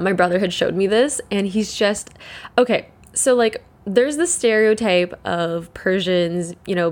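A young woman, hosting a casual solo chat, rambling with lots of "like", swearing and laughing. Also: fairly low pitch. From Canada.

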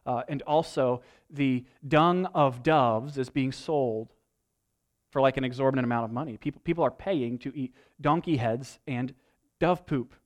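A man preaching a sermon, retelling a scripture story in an animated, storytelling way, building to emphatic peaks. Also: medium pitch, moderate pace. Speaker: pastor.

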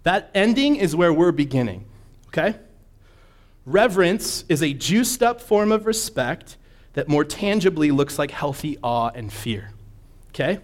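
A man with a fairly high, sing-song voice preaches a conversational sermon. He checks in with his listeners often and slows down to read scripture with emphasis.

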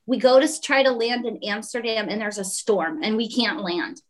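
Woman telling a lively story. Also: on the high side, moderate pace, rough recording. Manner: animated, acts out quoted voices. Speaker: guest. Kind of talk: casual storytelling.

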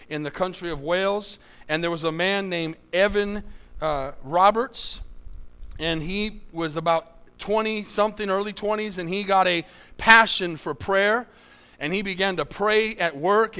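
A man's voice: high-pitched, fairly bright tone, clear, resonant tone. A man preaching a sermon as pastor, repeating key lines for emphasis and asking his congregation for amens.

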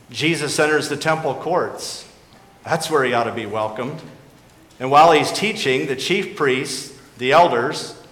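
A man preaching a sermon as pastor, earnest and questioning, dropping to quiet emphasis on key points. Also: mid-range voice. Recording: echoey hall with faint background noise.

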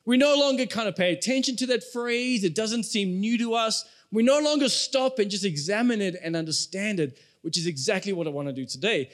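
A man's voice: sits high, fairly quick, hardly any pauses, fairly bright tone. A young adult man, a pastor, preaching a sermon in a conversational way and speaking straight to the congregation.

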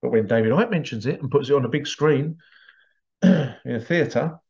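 A man hosting a show, giving a monologue with animated storytelling and rhetorical questions. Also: mid-range voice, normal speed, muffled recording. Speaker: host. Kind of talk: monologue commentary.

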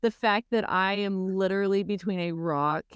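A woman's voice: mid-range voice, moderate pace, smooth, no echo. A woman co-hosting a podcast in casual chat, joking and adding wry asides. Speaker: podcast co-host.

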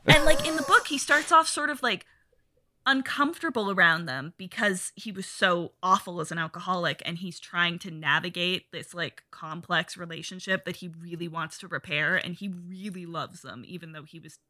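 A woman talks casually about movies on a podcast, and her voice is bright and forceful. She gets animated, swears freely and acts out film lines. The recording is dry and close. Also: fairly low pitch, moderate pace, dry recording. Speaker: podcast co-host.

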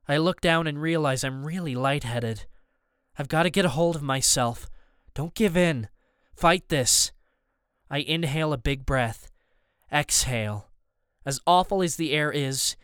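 Smooth, tense male audiobook narrator. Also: mid-range voice, normal speed, a bit bright, no room sound, clean studio sound. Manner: tense, urgent storytelling. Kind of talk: scripted first-person narration.

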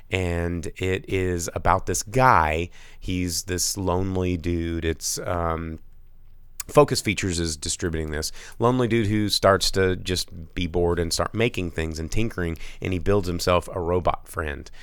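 A man co-hosting a casual movie chat, tired and with a raw throat, rambling and animated with many restarts. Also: low voice, unhurried, clean tone, no room sound. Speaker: podcast co-host.

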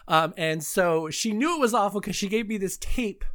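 A woman in her thirties hosting a casual podcast chat, telling stories in an animated way with frequent laughs and sudden high squeals. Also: moderate pace. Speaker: podcast host.

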